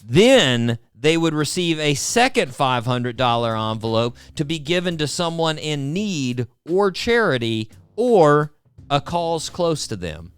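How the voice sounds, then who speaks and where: A man's voice: on the high side, very animated, a little slow, smooth, no room sound, soft background music. A male podcast host, chatting casually in a wry, sarcastic way and often addressing his co-host. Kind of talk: casual chat.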